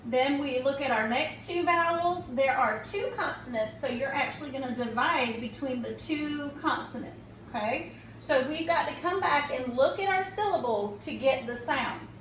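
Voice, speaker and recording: A high-voiced woman teaches reading at an unhurried pace, pausing often to ask "okay?". Her voice sounds set back from the microphone in a room with noticeable echo. A faint background hum sits under her speech. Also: a bit bright. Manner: slow and patient, checks in with "okay?". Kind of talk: recorded phonics tutorial. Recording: echoey room, mic at a distance.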